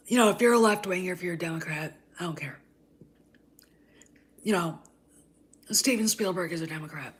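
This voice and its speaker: A woman hosting a commentary vlog, ranting in a heated, scornful way, often tagging "okay?" and dropping into breathy near-whispered asides. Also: lowish voice, slight background noise. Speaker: channel host.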